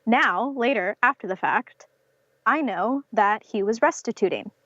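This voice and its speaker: A woman's voice: on the high side, expressive, measured pace, fairly bright tone, dry recording. A young woman from North Carolina telling a personal story as a podcast guest, with many fillers like "um" and "like", acting out what others said to her. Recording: slightly dull lo-fi podcast audio.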